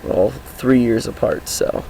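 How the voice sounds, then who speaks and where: A teenage boy talking casually outdoors about his life, with a groggy, hoarse voice and a rambling, upbeat manner. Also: medium pitch, unhurried, warm tone, slight background noise, rough recording. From Washington State, US. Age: teens. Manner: rambling, upbeat, many fillers. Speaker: high school student vlogger. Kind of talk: casual self-introduction vlog. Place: outdoors, sitting on his car.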